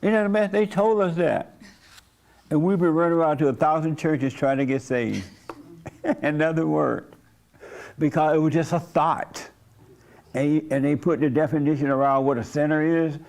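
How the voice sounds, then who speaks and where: A man's voice: on the high side, fairly even intonation, moderate pace, creaky, pauses often, darkish tone. Blunt, folksy man pastor. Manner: conversational, coaxing, blunt, folksy. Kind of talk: informal church talk.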